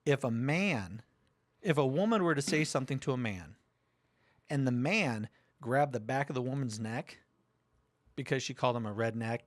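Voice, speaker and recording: A man retells a story in casual podcast talk, swearing as he goes. His voice sits at an ordinary middle pitch, recorded close in a dry room with no echo. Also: expressive, normal speed, pauses often. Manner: profane storytelling, retelling a debate. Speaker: podcast host.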